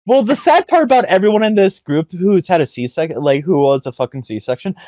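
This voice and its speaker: A young man co-hosting a podcast, chatting in an animated, argumentative way. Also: high-pitched, brisk, no echo. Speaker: podcast co-host. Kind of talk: casual chat. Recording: dull lo-fi mic.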